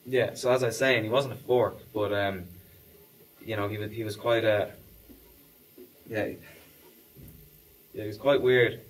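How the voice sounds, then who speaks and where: A man's voice: lowish voice, steady tone, unhurried, pauses often, recorded from a distance, slight background noise, close to an everyday voice, rough recording. An actor playing an irritable man who rambles hesitantly and snaps into swearing, in a mockumentary interview. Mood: rambling. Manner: hesitant and rambling, turning into short-tempered swearing. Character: irritable man who knew the fork-man as a child. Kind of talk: mockumentary acting.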